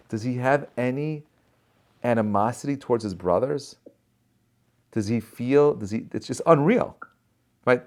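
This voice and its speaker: A rabbi giving a short inspirational Torah talk over a video call, telling the story with rhetorical questions and frequent "right?" and "okay?". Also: male voice, medium pitch. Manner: peppers speech with "right?" and "okay?".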